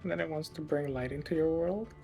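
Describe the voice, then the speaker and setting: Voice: medium pitch, quick pace, creaky. Teasing gamer friend, explains units, giggles a lot, faint music underneath. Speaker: friend explaining game mechanics. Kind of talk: casual gaming chat.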